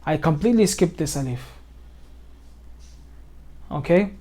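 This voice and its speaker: A man giving an informal tajweed lesson over a screen share, patient, repeating himself with many fillers and slowing down to recite each phrase. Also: a little high, expressive, warm tone, husky. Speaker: Quran recitation tutor.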